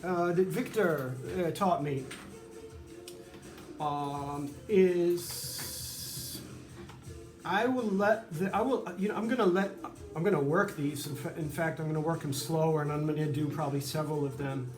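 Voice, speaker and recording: A man's voice: on the high side, unhurried, roomy sound, soft background music. A man who makes violins, explaining his work in a rambling, chatty way full of fillers and asides. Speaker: violin maker. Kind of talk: casual workshop tutorial. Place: humid workshop near the beach.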